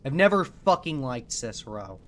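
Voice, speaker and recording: A man's voice: medium pitch, big pitch swings, moderate pace, fairly bright tone. A man streaming a video game live, ranting irritably and swearing constantly at the characters. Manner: irritable, heavily profane ranting. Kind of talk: live gaming commentary.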